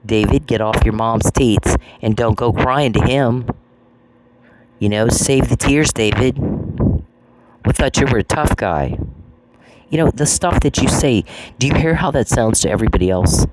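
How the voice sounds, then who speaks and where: A man's voice: medium pitch, measured pace, darkish tone. Scornful man ranting on a podcast. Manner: scornful, taunting, repeats phrases, swears. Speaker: podcast host. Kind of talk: angry podcast rant. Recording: noisy with clicks.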